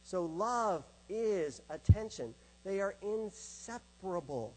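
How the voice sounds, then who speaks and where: Husky high-voiced man speaking to an audience. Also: expressive, slow pace, low-quality recording. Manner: asks and answers rhetorical questions. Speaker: speaker on love and faith. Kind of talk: presentation to an audience.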